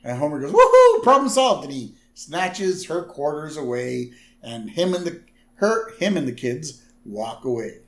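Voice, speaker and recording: A man's voice: mid-range voice, measured pace. A man co-hosting a podcast, recapping a cartoon episode in casual chat and putting on voices for the lines. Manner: animated, puts on voices for the lines. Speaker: podcast co-host.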